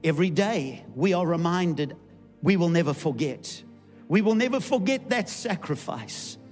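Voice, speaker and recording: A man's voice: a little high, expressive, unhurried, darkish tone. A man preaching a sermon as pastor, rousing and repetitive in call-and-response style. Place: large church hall. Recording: long hall reverb with faint music.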